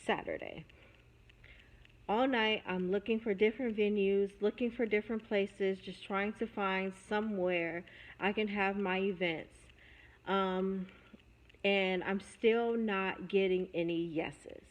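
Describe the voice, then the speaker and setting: A young adult woman telling a personal story, candid and reflective, pausing and restarting as she goes. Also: medium pitch, fairly even intonation, low-quality recording. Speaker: vlogger.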